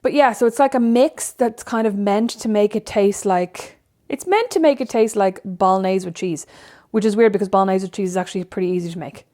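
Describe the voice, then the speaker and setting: A woman in her thirties with an Irish accent co-hosts a casual podcast, rambling through stories with plenty of fillers. Her mellow, medium-pitched voice moves briskly with hardly any pauses.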